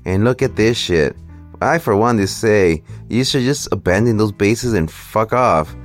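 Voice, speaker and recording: A man's voice: fairly low pitch, lively intonation, a little slow, soft background music. A man hosting a ranting, profane, mocking reaction commentary. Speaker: commentary host.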